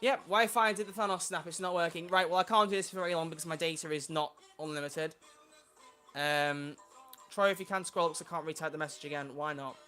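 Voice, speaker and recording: Bright-voiced man livestreaming. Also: a little high, fairly even intonation, a little fast, soft background music. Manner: chatty, flustered by tech trouble. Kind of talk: casual livestream chat.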